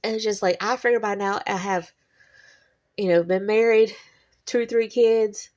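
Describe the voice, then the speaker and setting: A woman's voice: medium pitch, steady tone, moderate pace, darkish tone. A woman, chatting in a rambling personal monologue and laughing between thoughts. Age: 40s. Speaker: vlogger.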